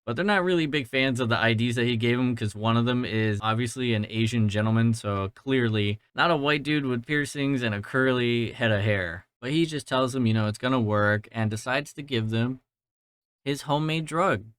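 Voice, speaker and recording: A man's voice: medium pitch, normal speed, a bit bright, smooth, no room sound. A man in his twenties from Georgia, hosting a casual movie-review podcast in a rambling, profane, self-deprecating way. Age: 20s. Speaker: podcast host. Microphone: mounted podcast mic.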